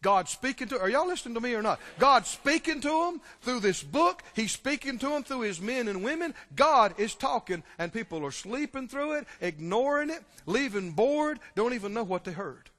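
A man preaching a sermon, emphatic and calling out to his congregation, swinging between hushed and shouted lines. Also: extremely high pitch, very animated, normal speed, hardly any pauses. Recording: long hall reverb.

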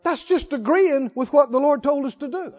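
A man's voice: very high-pitched, normal speed, a little mellow, big-room sound, muffled recording. A man preaching a sermon, drawing out phrases, singing lines and leading the congregation in call-and-response. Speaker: pastor.

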